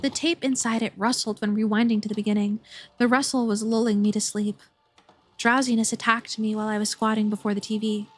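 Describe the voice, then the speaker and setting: A woman's voice: a little high, flat delivery, brisk, no room sound. A woman streamer reading a game's story aloud, playful and giggly, swearing when startled.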